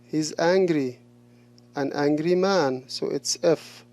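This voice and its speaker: A male English teacher talking through a lesson, slowly repeating each answer and praising the replies. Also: a little high, darkish tone. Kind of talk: recorded classroom lesson.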